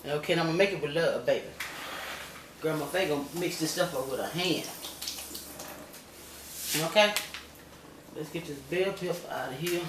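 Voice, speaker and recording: A woman's voice: low-pitched, moderate pace, long pauses. An older woman, a grandmother, cooking at home in her kitchen and chatting folksy to her viewers, often checking in with "okay?". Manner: folksy, chatty, keeps asking "okay?" and calls viewers y'all and baby. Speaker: home cook. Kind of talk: cooking demonstration vlog. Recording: echoey room with loud background noise.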